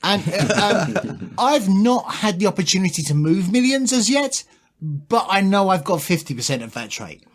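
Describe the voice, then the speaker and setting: A man co-hosting a podcast, teasing his friends in a playful, animated way. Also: high-pitched, normal speed. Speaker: podcast co-host. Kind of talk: casual chat.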